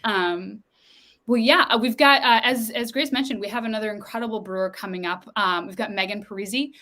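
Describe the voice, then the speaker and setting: A woman's voice: mid-range voice, brisk, bright, forceful tone. A woman from the Boston area hosting an online festival stream, chatty and upbeat over a video call. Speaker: festival host. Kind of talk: casual live-stream chat.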